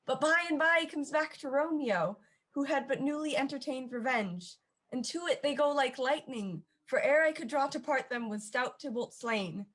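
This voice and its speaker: A woman's voice: high-pitched, moderate pace, fairly bright tone, slightly rough. A woman playing a forthright young nobleman who speaks urgently in a staged reading.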